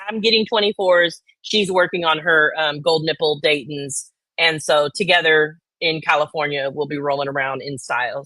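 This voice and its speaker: A woman's voice: medium pitch, pushed and bright, no room sound, rough recording. A woman hosting a casual livestream, rambling, teasing and swearing freely. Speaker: livestream host.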